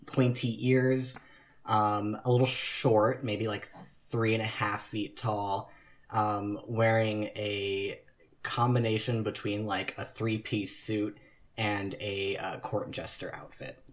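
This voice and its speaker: A man's voice: lowish voice, little pitch movement, slow pace. A man describing his character as a player, casual and hesitant with many fillers. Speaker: tabletop game player.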